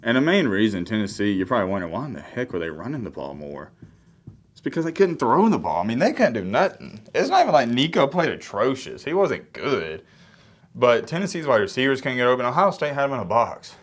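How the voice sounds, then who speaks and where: A young man with a cold giving casual, low-energy sports commentary to camera, sometimes moving away from the mic. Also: sing-song, fast talker, hardly any pauses. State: sick, congested. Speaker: sports reaction YouTuber.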